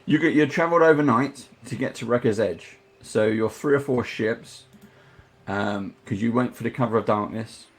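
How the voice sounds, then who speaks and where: A man acting as game master, narrating a tabletop game in a measured, explanatory way with hesitations. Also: mid-range voice, husky.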